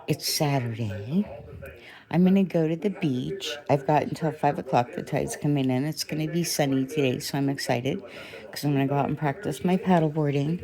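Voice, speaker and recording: A woman vlogger rants to her phone at home in a rambling, indignant way, swearing along the way. Her voice is low and her pace moderate, and crowd noise can be heard behind her.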